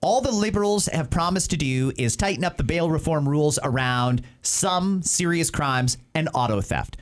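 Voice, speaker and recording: Animated Canadian male talk host. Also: on the high side, normal speed. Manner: passionate, emphatic political commentary. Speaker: show host. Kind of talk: opinionated talk show discussion.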